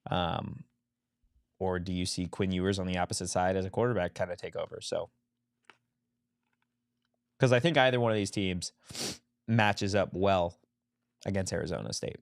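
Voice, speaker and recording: A man co-hosting a live sports watch-along, giving relaxed game analysis in casual chat and reading chat questions aloud. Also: low-pitched, normal speed, vocal fry, long pauses, clean tone, no echo, clean studio sound. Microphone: mic set low, sometimes far from mouth.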